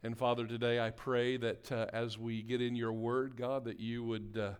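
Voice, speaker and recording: This pastor's mid-range voice is clear and resonant, held at a level tone and moderate pace. Before his congregation in the sanctuary, he preaches and prays, drawing amens from the pews as he climbs into forceful exhortation.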